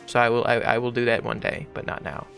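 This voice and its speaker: A man rambling through casual let's-play commentary as a gaming YouTuber, with sudden loud outbursts and swearing. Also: mid-range voice, little pitch movement, fast talker, creaky, soft background music.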